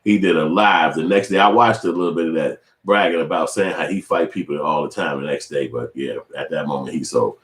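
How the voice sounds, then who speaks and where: A man in his forties giving casual, profane commentary, animated and switching into high mimicking voices. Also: fairly quick, few pauses, roomy sound. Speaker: video commentator.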